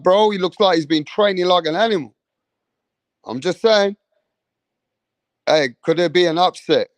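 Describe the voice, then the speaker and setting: Hosting a boxing livestream, a young man with a high voice keeps the live chat casual, full of slang and repetition, as he reads out comments from viewers. There's no echo.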